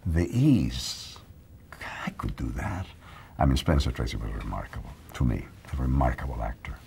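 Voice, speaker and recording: An older man with a Mexican accent, an actor recalling his career in a reflective interview, speaking in a measured, admiring way. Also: a bass voice, big pitch swings, gravelly, darkish tone, slight background noise. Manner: measured, admiring storytelling with pauses.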